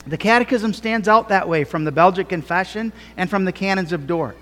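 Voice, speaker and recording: A man preaching a sermon as a pastor, earnest and emphatic, with slow, deliberate phrasing that rises to fervent cries. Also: sits high, a bit bright. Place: church sanctuary. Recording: long reverb of a church hall.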